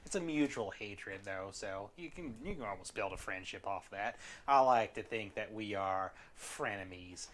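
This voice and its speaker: A sardonic spirit who delights in violence, speaking gleefully, voiced by a man at a tabletop game. His voice sits low and dry in tone. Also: lively intonation, moderate pace, few pauses, a bit bright. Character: gleeful murderous spirit, male.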